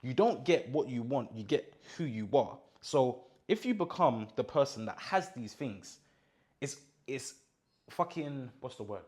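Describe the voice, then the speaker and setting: A man's voice: medium pitch, expressive, a little slow, darkish tone. A young man giving a casual motivational monologue, emphatic and full of slang, often checking in with his listener. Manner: emphatic, repeats points and checks in with "do you understand?". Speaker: mindset content creator.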